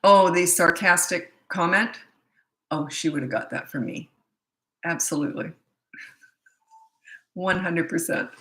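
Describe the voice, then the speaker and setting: A woman's voice: on the low side, a little slow, long pauses, sharp tone, reverberant, rough recording. A woman parenting coach answering questions in a blunt, chatty way that often breaks off mid-thought. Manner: blunt, chatty, self-interrupting. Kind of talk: casual live Q&A.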